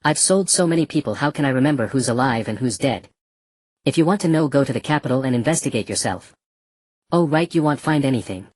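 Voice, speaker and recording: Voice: medium pitch, expressive, fast, darkish tone, dry recording, studio quality, close to an everyday voice. A narrator voicing a cruel, mocking male slave trader in a black robe, speaking casually and scornfully. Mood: cold mockery. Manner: casual, scornful, matter-of-fact.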